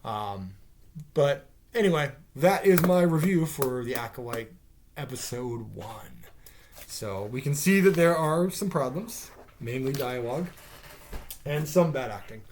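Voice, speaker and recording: A man's voice: mid-range voice, animated, measured pace, a little mellow, a little hiss or hum. A man giving a casual spoken review of a TV episode, rambling and sarcastic, with fillers and swearing. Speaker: TV show reviewer.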